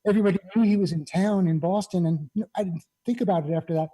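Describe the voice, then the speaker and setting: A man's voice: sits high, very fast, warm tone, breathy edge, poor audio. A man, a guest musician, chatting casually over a video call and telling rambling anecdotes full of "you know".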